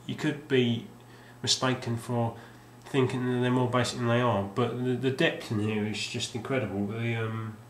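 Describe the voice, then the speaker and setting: A man's voice: mid-range voice, little pitch movement, normal speed, hardly any pauses, slight background noise. A man casually showing off his game collection, rambling and hesitant with lots of ums and restarts. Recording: roomy sound with faint ambience.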